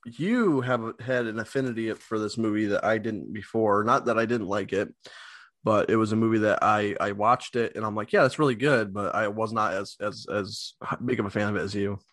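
A man's voice: lowish voice, steady tone, normal speed, fairly bright tone, no room sound, studio quality. A man hosting a podcast, chatting casually and swearing now and then. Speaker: podcast host.

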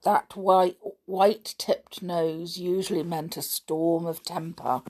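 A woman reading a children's adventure book aloud as a podcast storyteller, with slow, expressive narration. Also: fairly low pitch, breathy edge.

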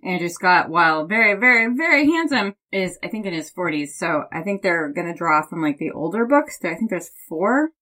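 Offhand, lively woman podcast co-host. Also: fairly low pitch, normal speed, hardly any pauses. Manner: offhand and opinionated, uses "like" fillers. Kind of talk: casual podcast chat.

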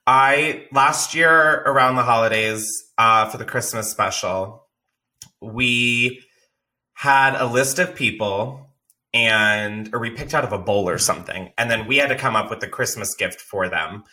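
A man hosting a casual podcast chat, his voice bright and forward. He laughs often, swears freely, and tells stories with lively energy. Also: lowish voice, measured pace. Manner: laughs a lot, swears, animated storytelling. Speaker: podcast host.

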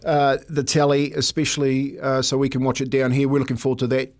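A middle-aged man co-hosting a breakfast radio show, chatty and quick to laugh as he tells stories. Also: medium pitch, completely flat delivery, a little mellow. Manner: chatty, laughs often, storytelling. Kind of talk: casual radio banter.

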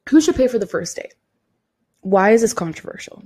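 A woman in her twenties hosting a casual solo podcast, hoarse and raspy from losing her voice, talking bluntly and swearing freely. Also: mid-range voice, animated, fairly quick, dark tone. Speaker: podcast host.

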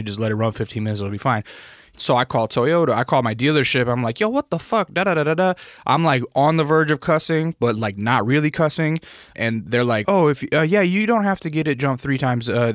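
A young man telling a story in a casual, exasperated rant, full of profanity, rising to loud outbursts when quoting himself. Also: medium pitch, dry recording, studio quality.

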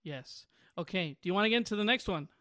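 A man's voice: high voice, animated, fast, heavy background noise. A man in his twenties, hosting a podcast, chatting casually and telling a long rambling story with bursts of laughter. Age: 20s. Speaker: podcast host. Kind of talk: casual chat.

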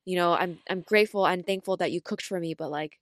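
A woman's voice: fast talker, dry recording, clean studio sound. Chatty young woman podcast co-host. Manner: animated storyteller, acts out quotes with big pitch jumps; frequent fillers like "like" and "right?". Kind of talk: casual chat.

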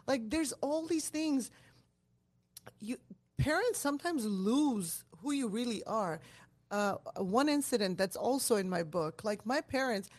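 A woman in her forties, telling personal stories as an interview guest in a quick, expressive way, switching between English and Armenian. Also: on the high side. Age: 40s. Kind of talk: candid personal storytelling.

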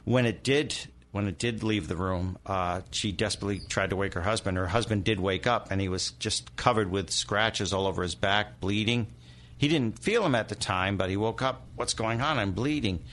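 A man's voice: lowish voice, normal speed, fairly bright tone, a little hiss or hum. A middle-aged man, a demonologist guest, telling a haunting story in vivid detail and acting out the people in it. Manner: dramatic storyteller, acts out quoted voices. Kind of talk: storytelling interview.

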